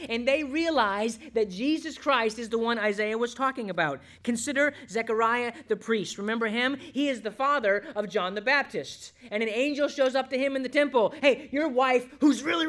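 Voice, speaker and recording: A pastor preaching a sermon in an animated way, asking the congregation rhetorical questions and dropping low and soft when reading scripture.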